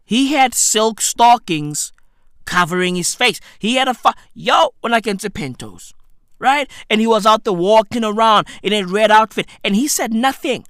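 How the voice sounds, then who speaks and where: A woman's voice: fairly high pitch, expressive, normal speed, fairly bright tone, no room sound, clean studio sound. A woman hosting a show, ranting with heavy swearing, exasperated and stammering through restarts. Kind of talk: profane comedic rant.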